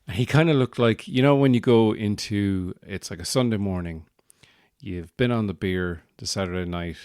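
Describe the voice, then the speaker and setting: A man's voice: lowish voice, moderate pace, darkish tone, clean tone, no room sound, clean studio sound. An Irish man hosting a podcast, telling a rambling, wry comic story with self-mocking asides. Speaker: podcast host.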